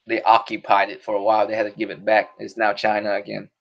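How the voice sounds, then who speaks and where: A man's voice: on the low side, completely flat delivery, quick pace, vocal fry, muffled recording. A man hosting a podcast stream, chatting casually in a rambling, profane way and laughing often. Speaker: podcast host. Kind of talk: casual solo stream chat.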